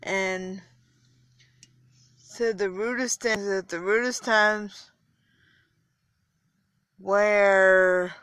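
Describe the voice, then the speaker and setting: A young adult woman podcaster, a little tired, rambling casually with halting pauses and fillers. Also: mid-range voice, steady tone, fairly bright tone, no echo. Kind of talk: casual solo podcast talk.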